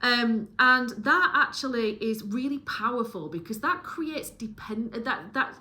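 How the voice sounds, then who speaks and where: A woman's voice: on the high side, expressive, a little slow, pushed and bright. A middle-aged woman with a Yorkshire accent, musing through a solo book talk with many restarts and fillers. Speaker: book reviewer.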